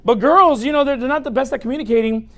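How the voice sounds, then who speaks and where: A man preaching a humorous sermon as a pastor in a church, speaking straight to the audience in a lively, joking way. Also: very high-pitched, quick pace.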